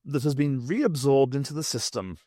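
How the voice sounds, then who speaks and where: A man reading an audiobook, voicing an irritable male time traveller who lectures briskly with dry sarcasm. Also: medium pitch, dark tone, no echo, lightly acted. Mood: explaining. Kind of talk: audiobook character voice.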